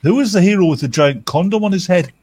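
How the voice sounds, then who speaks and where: A man's voice: high voice, animated, quick pace. Guy on a stream call, jokes around, trips over words, a bit of hiss behind. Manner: joking, stumbling over words. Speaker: guest reader on a stream. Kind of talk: casual chat.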